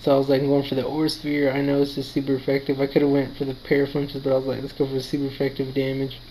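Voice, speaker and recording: Tired male gamer narrating a battle in an even, mid-pitched voice, quick relaxed delivery. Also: a little hiss or hum, low-quality recording. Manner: quick, relaxed play-by-play, quotes his own thoughts. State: tired, yawning. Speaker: gaming commentator. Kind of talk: casual battle commentary.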